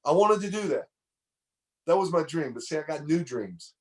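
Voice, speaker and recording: A man's voice: fairly high pitch, lively intonation, moderate pace. A middle-aged man giving a motivational speech, preaching and telling a story, repeating phrases for emphasis. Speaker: motivational speaker.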